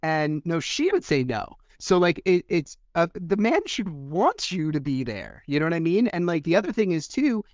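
A man's voice: fairly high pitch, big pitch swings, moderate pace, hardly any pauses, no room sound, clean studio sound. A man hosting a podcast interview, talking emphatically, acting out quoted voices and swearing casually. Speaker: podcast host. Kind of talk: conversational interview.

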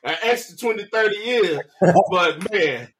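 A man co-hosting a church podcast, telling a funny childhood story in a relaxed way. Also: high-pitched, unhurried. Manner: relaxed, laughs through his story. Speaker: podcast co-host. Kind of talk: casual storytelling chat.

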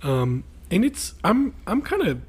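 A man's voice: high voice, sing-song, a little slow, slight background noise. A married man co-hosting a podcast in casual chat, rambling with fillers and restarts. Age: adult, married. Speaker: podcast co-host.

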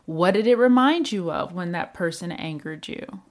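A woman giving a reflective motivational talk as a self-help speaker, in a calm coaching tone that poses many questions to the listener. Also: fairly low pitch, normal speed.

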